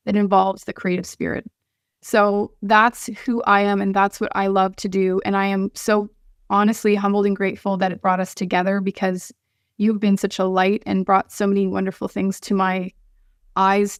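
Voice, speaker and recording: A woman's voice: mid-range voice, clean tone, dry recording, studio quality. A woman guest on a podcast, speaking earnestly and from the heart, often restarting her sentences.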